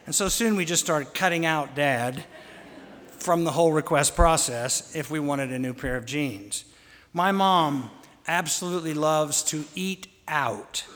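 Man preaching with a long hall reverb. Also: on the high side. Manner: fond, gently humorous storytelling. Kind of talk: anecdotal storytelling sermon.

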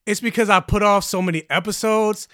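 A male podcast co-host chats in an offhand way, often breaking off and restarting his thoughts. His voice is high with a bright, forceful edge. The sound is dry and close to the mic. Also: steady tone, a little fast, clean tone, no echo. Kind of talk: casual podcast chat.

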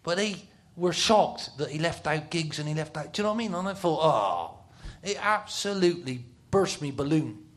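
A middle-aged man swaps football stories in casual talk show storytelling, his slightly high voice running a little fast with hardly any pauses. He laughs a lot and whispers whenever he shares his inner thoughts.

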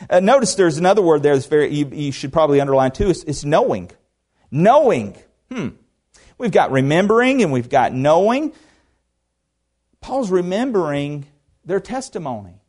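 A man preaching a verse-by-verse sermon in an earnest, conversational way. His voice sits a little high for a man. He swings from emphatic peaks down to quiet, low asides and poses rhetorical questions to his listeners. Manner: earnest preaching that swings between emphatic rises and soft drops. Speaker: pastor. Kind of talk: expository sermon.

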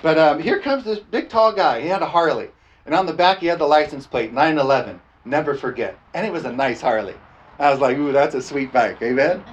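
A man's voice: a little high, animated, brisk, lo-fi sound. A man preaching a storytelling sermon in a folksy, laughing way, often tossing "amen?" to the congregation.

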